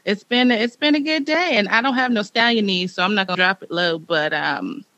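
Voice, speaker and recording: A podcast co-host chatting in a relaxed, joking way. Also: medium pitch, fairly quick, dry recording, muffled recording. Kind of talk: casual chat.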